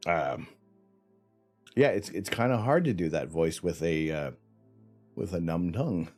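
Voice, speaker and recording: Guy rambling on a live stream, low voice but bouncy, tongue gone numb, faint music behind. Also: lively intonation, measured pace, pauses often, a little mellow. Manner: rambling, chatty, sighs often. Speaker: livestream host. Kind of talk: casual live-stream chat. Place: home setup during night imaging.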